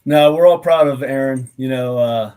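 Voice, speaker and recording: A man's voice: mid-range voice, normal speed, dark tone, clear, resonant tone. A middle-aged man in a mid-range voice speaks as a guest on a video call. He talks thoughtfully and loosely, with frequent filler phrases as he recalls things. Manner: reflective, many filler phrases. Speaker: guest, retired army officer. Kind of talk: casual interview chat.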